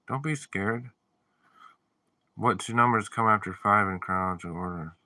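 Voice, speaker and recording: A man's voice: on the low side, moderate pace, bright, forceful tone, dry recording, studio quality. A man chatting casually on a live stream, joking around and reading viewer messages aloud. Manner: playful, jokey, reads viewer messages aloud. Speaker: livestreamer reading chat.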